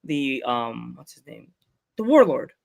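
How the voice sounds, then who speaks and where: Gravelly rambling man hosting a podcast. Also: medium pitch, big pitch swings, a little slow. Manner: rambling, jokey storytelling. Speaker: podcast host. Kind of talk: casual chat.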